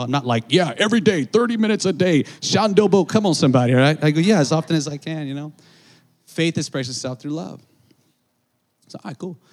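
A man preaching a sermon, telling a story in an animated way, acting out the voices of others and calling out to the congregation. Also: mid-range voice. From Southern California. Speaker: pastor.

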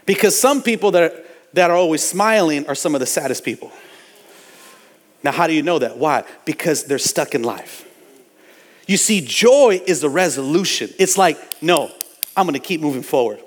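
High-voiced man preaching in a reverberant church. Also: expressive, normal speed. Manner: emphatic preaching with repetition and audience call-outs. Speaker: pastor. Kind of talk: sermon. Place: church sanctuary.

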